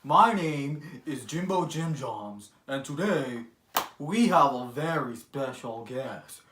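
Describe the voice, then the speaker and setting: A man playing a pompous male talk-show host with a formal announcer delivery, slow and lively in pitch. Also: roomy sound, noisy background. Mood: announcing.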